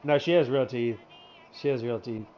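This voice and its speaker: A man's voice: mid-range voice, moderate pace, dull audio. Rambling young man, laughing a lot. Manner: rambling, laughs often, lots of fillers and restarts. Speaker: regular in a hangout show. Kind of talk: crude casual storytelling.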